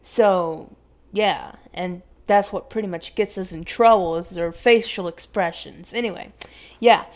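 Taking her time, a young woman with a medium-pitched voice and a Southern US accent chats casually through a series of question prompts, rambling, laughing, correcting herself, and now and then whispering.

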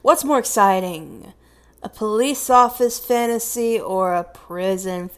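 A woman's voice: medium pitch, unhurried. A young woman with a Southern US accent, chatting casually as she answers question prompts, rambling, correcting herself and laughing, sometimes dropping to a whisper. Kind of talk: casual chat.

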